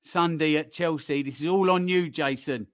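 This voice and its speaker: A man's voice: a little high, moderate pace, dry recording, clean studio sound. A man hosting a playful quiz on a live football fan show, teasing and building suspense.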